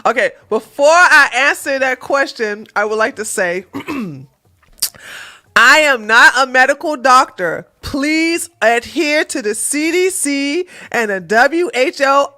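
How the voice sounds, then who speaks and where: A woman's voice: high-pitched, expressive, slow, pushed and bright. A woman hosting a livestream, giving casual, sarcastic commentary and often breaking into laughter. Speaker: livestream host. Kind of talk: casual commentary reading chat.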